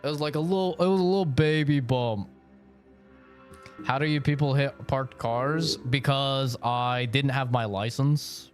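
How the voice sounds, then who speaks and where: Young streamer dude rambling a story, lots of slang and laughing, faint music behind. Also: male voice, medium pitch, measured pace. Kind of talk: casual storytelling while streaming.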